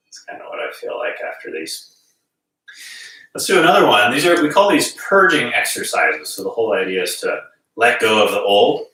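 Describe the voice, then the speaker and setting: Calm male qigong teacher with a bright, forward tone, recorded from afar in a very echoey room. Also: fairly low pitch. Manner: calm, gently guiding with breath cues. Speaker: qigong instructor. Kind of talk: guided movement class. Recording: very echoey room, distant mic.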